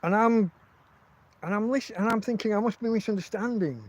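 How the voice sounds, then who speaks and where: An English podcast host runs a casual livestream from his tent, speaking a little fast in a voice that sits high. He tells rambling, profane stories full of restarts. There's slight background noise and the recording is rough.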